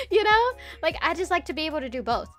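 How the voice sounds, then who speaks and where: Young woman streamer, high voice, giggly, swears a lot, quiet music in the background. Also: sing-song, brisk. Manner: chatty, giggly, swears casually. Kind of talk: casual livestream chat.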